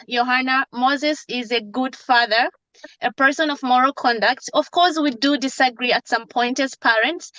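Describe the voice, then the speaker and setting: An emotional woman, a mother testifying in court over a phone video call from a parked car, pleading and halting with repeated words. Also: high voice, sharp tone, no echo, lo-fi sound.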